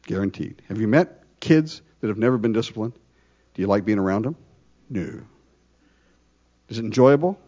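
A man preaching a conversational sermon, full of rhetorical questions and lively asides. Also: on the low side, normal speed, long pauses, muffled recording. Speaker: pastor.

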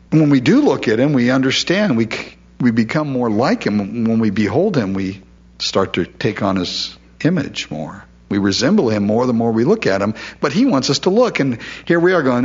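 Husky guy preaching, chatty asides, lively swings in pitch. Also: normal speed, dull audio. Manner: conversational preaching with repeated asides and quoted voices. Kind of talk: sermon.

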